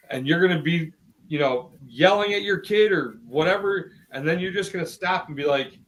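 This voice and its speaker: Man, podcast co-host, casual rambling chat, swears a lot, stumbles and restarts, somewhat high voice. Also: fairly bright tone, low-quality recording. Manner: rambling, profane, many restarts.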